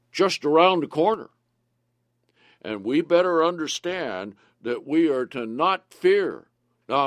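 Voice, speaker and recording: A man's voice: on the high side, no echo, clean studio sound. A man preaching a sermon, retelling scripture scenes with emphasis and repeating key phrases for his listeners.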